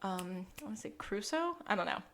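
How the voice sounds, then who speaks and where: A woman co-hosting a chatty podcast, rambling through a recap with plenty of filler words. She laughs easily, and her voice sits at an ordinary middle pitch. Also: big pitch swings, a little fast, fairly bright tone. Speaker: podcast co-host. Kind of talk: casual chat.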